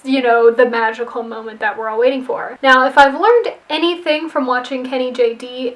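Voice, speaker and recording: A chatty woman with a high voice walks through a movie plot she rewrote, tossing in wry, playful asides. She talks casually, like she is telling a friend about it. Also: fairly bright tone, poor audio. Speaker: screenwriter rewriting a movie plot. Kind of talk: casual storytelling recap.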